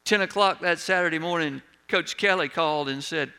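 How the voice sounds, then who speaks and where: A man preaching a sermon as pastor, slow and emphatic with dramatic rises in his delivery. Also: fairly high pitch, sharp tone, in a large hall.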